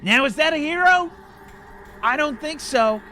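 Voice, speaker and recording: A frantic street ranter with a high, shrill voice that swings up and down, loud and wild-eyed, as a game master puts him on. He shouts his paranoid complaints in a bright, piercing tone. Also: animated, measured pace, slight background noise, exaggerated voice. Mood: accusing. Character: ranting conspiracy-minded man claiming he can fly.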